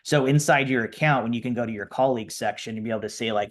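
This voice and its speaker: A man on a video call telling a sales story in a casual, animated way and acting out both sides of the conversation. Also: medium pitch, fast, few pauses. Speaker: software company presenter.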